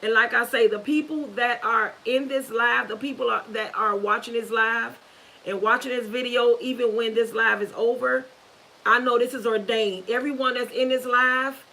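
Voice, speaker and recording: A woman on a live stream, nervous and holding back tears, talking in a halting, earnest way with many restarts. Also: a little high, steady tone, fairly bright tone, low-quality recording. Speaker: YouTuber. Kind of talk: emotional live-stream talk.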